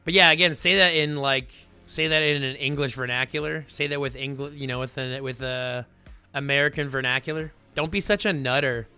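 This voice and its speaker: Bright, smooth-voiced man chatting on stream. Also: mid-range voice, moderate pace, soft background music. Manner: rambling, animated and chatty with frequent fillers. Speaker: livestream host. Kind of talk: casual chat with viewers.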